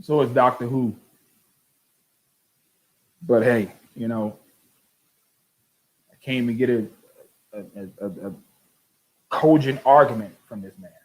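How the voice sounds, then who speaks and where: With a mid-range voice and poor audio, an older man hosts a show where he reads comments aloud. His replies drip with exasperated sarcasm, and he often stumbles into quick, repeated restarts.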